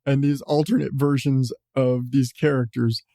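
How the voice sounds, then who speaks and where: Mellow-voiced rambling podcast host guy. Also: medium pitch, flat delivery, normal speed, dry recording, studio quality. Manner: rambling, profane, chuckling. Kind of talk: casual chat.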